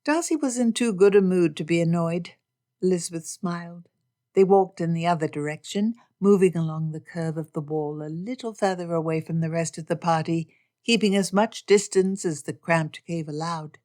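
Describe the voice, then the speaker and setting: A woman narrating an audiobook in a steady, expressive reading style. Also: fairly low pitch, normal speed. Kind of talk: scripted narration.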